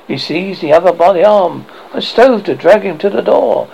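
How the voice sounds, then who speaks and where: A man reading a horror story aloud as host, with a dramatic, expressive delivery. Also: high-pitched, moderate pace, gravelly, hardly any pauses, breathy edge. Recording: dull lo-fi recording.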